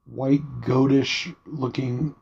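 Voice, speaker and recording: A man talking quietly and casually through a movie review, late at night at home, in a soft, rambling way. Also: medium pitch, fairly even intonation, extremely slow, gravelly, husky, highs cut off. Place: home at night, dim room.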